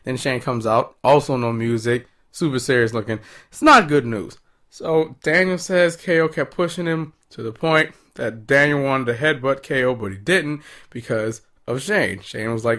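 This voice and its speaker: A young man hosting a casual wrestling recap, chatty and amused, who breaks into quick high-pitched impressions of the wrestlers. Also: fairly bright tone.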